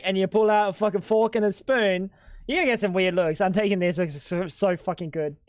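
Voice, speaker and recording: A man's voice: sits high, fairly even intonation, fairly quick, clear, resonant tone, no echo. Joking streamer guy, dry close mic. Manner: banter with chat, crude and joking. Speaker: livestreamer. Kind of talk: casual live-stream chat.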